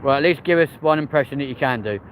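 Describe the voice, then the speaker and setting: London guy live-streaming on a loud busy street, phone mic, slangy banter with chat. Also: mid-range voice, fast talker, low-quality recording. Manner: bantering, reading out viewer comments with slangy replies. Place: outdoors on a busy city street. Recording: loud street traffic noise.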